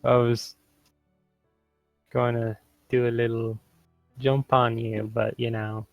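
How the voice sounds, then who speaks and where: A man's voice: mid-range voice, little pitch movement, slow pace, gravelly, no echo, phone-quality sound, faint music behind. A young man playing a character in a tabletop game, hesitant and repeating words as he describes what she does. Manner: hesitant, repeats words, narrates his character in third person. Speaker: player.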